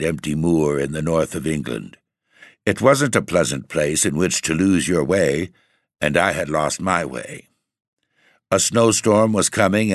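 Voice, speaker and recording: Deep-voiced man narrating a story. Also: no echo, studio quality. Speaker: audiobook narrator. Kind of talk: first-person story narration.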